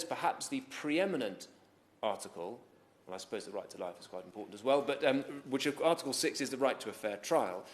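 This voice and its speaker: A man, speaking as a government minister in a formal parliamentary speech, measured and courteous with occasional restarts. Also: mid-range voice. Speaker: government minister answering a debate.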